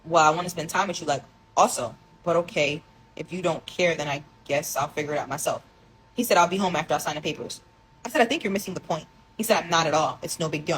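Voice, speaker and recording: Fast-talking low-voiced young woman. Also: fairly bright tone, a little hiss or hum, rough recording. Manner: emotional, confessional, rambling, reads texts aloud. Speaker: vlogger telling her story. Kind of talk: casual storytime monologue.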